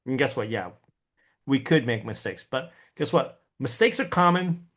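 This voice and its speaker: A man speaking at an ordinary mid pitch as he teaches a sales class. He talks in a folksy, animated way, acting out his own thoughts and checking in with listeners as he goes. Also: normal speed. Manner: animated, acts out his own inner voice and quotes; folksy, addresses the audience with tag questions. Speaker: real estate sales coach. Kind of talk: lively class talk.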